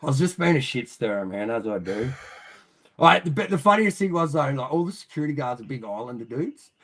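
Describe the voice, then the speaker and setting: A man's voice: medium pitch, very animated, fairly quick, a bit bright. An Australian man, a podcast guest telling a long story in casual, rambling fashion, full of swearing and frequent laughter. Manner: profane, rambling, laughs often.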